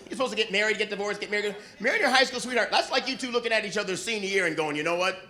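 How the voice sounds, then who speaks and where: In a live club recording full of audience laughter, a middle-aged man does brash, profane stand-up and teases the crowd from the stage. His voice is high, very fast, bright and forceful.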